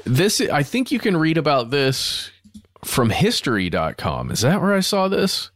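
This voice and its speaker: A man's voice: fairly high pitch, wildly swooping pitch, a little slow, fairly bright tone, dry recording, studio quality. A man co-hosting a podcast who talks casually, laughs easily, and reads quotes with expression. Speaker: podcast co-host. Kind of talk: casual conversation, reading quotes.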